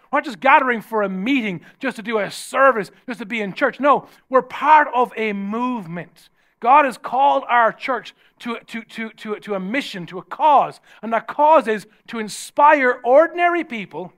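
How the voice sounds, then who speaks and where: Irish male pastor, middle-aged, lively humorous preacher with a high-set voice. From Ireland. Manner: humorous, energetic preaching with jokes and rising shouts. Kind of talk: sermon.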